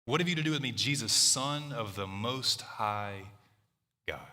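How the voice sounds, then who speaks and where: A man's voice: mid-range voice, expressive, unhurried, sharp tone, long reverb tail. A man voicing a demon-possessed man who hollers and begs in terror. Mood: pleading hollering. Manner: hollering, pleading.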